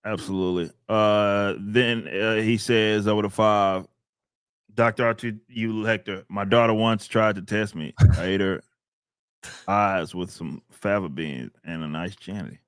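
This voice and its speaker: A man's voice: on the low side, steady tone, a little slow, fairly bright tone, clean tone, dry recording, clean studio sound. A man hosting a casual podcast, laid-back and chatty as he reads out and thanks supporters. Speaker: podcast host reading donations.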